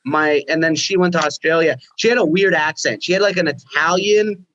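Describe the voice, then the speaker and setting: A man's voice: a little high, brisk, a bit bright, muffled recording. A man from Canada, a podcast guest in casual chat, telling profane stories and acting out what people said. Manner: profane storyteller who acts out quoted people.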